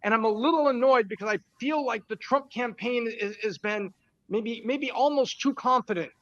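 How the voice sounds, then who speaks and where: A man on a podcast panel speaking forcefully, angry and frustrated. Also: very high voice, moderate pace, dry recording, dull audio. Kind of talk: panel discussion.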